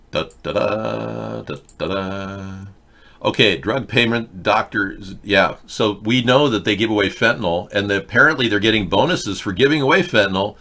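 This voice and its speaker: A man hosting an online political commentary show, wry and rambling, with many halting restarts. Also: fairly low pitch, pushed and bright. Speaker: host.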